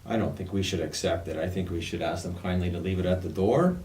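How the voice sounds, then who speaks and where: A man's voice: low-pitched, fast, a little mellow. A man joining a casual podcast as a guest, agreeable and joking. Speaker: guest team member. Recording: echoey room, mic far off.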